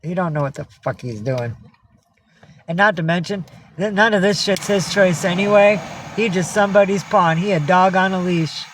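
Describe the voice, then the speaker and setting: A woman's voice: fairly low pitch, moderate pace, a little hiss or hum. A woman from upstate New York hosting a casual livestream, chatting with viewers, greeting them by name and swearing freely. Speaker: livestream host.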